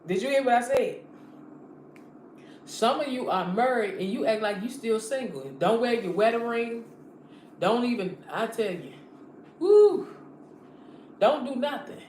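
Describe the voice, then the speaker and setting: A woman's voice: fairly high pitch, animated, moderate pace, darkish tone. Woman live-stream preacher, fervent and repetitive, roomy echo, faint hiss. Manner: fervent, repetitive, direct address to viewers. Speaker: online preacher. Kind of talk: live-streamed motivational sermon. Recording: echoey room, faint background noise.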